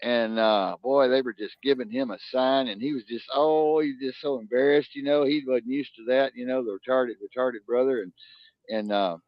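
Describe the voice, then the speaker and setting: A man's voice: normal speed, no echo. Rambling storytelling man, lo-fi sound. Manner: rambling, animated, high mimicking voices in quotes. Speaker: co-host. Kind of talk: casual storytelling and joke telling. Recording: dull lo-fi sound.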